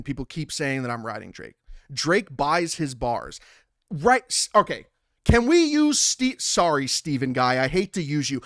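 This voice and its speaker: A young man hosting a live stream, ranting with loud, profane bursts and reading out messages from chat. His voice sits high for a man and sounds close and dry, with no room around it. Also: no echo. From Italian heritage. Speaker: livestream host. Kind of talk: casual livestream commentary.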